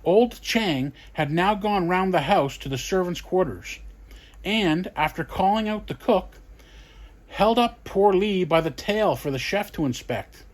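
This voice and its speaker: A man narrating a children's bedtime story in a lively, expressive way. His voice sits fairly high for a man. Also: measured pace. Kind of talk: storybook read-aloud.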